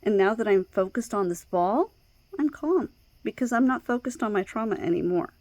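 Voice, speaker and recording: A woman vlogging in casual personal talk, hesitant, with many pauses, fillers and restarts. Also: medium pitch, animated, darkish tone, no room sound. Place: outdoors at night by her door.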